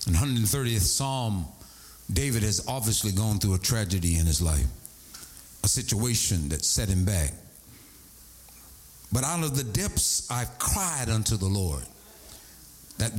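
A middle-aged man preaching a sermon from the pulpit, telling stories in an animated way that swings between high and low. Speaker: pastor.

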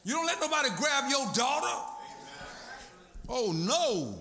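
A pastor preaching a sermon in a church, telling personal stories in an emphatic, conversational way. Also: male voice, very high-pitched, very animated, measured pace, pushed and bright. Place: church sanctuary.

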